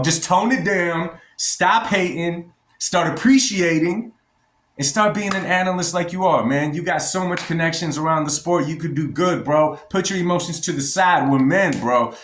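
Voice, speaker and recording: A man's voice: on the high side, moderate pace, a bit bright. A man giving blunt, emphatic opinions in a commentary vlog, talking straight to his viewers. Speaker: boxing vlogger. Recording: roomy echo.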